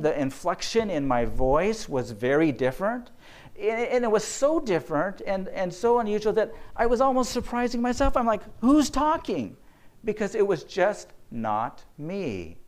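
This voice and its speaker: Lively earnest man telling stories. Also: on the high side. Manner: earnest storyteller, acts out quotes. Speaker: physician speaking to health workers. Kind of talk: faith-based lecture with stories.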